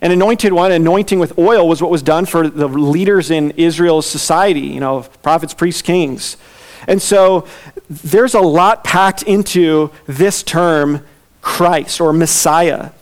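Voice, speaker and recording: A man preaching a conversational sermon, animated and chatty, often laughing as he explains. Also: fairly high pitch, unhurried. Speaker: pastor.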